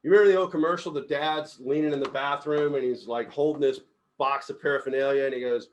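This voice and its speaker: A middle-aged man leading a casual group book discussion as company CEO, telling stories with lots of laughter and loudly acting out quotes. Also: medium pitch, fast. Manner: animated storyteller, laughs often, acts out quotes loudly.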